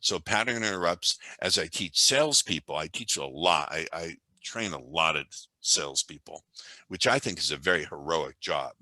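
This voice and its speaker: Talkative male guest storyteller, low voice with a sharp, forceful edge, dry close sound. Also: expressive, normal speed, no room sound, low-quality recording. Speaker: podcast guest, hypnosis and sales trainer. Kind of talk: conversational storytelling.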